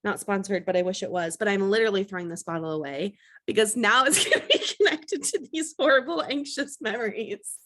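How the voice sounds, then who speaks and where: A young woman co-hosting a podcast, telling a story in casual chat, animated and laughing at herself. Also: mid-range voice, a little fast. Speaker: podcast co-host.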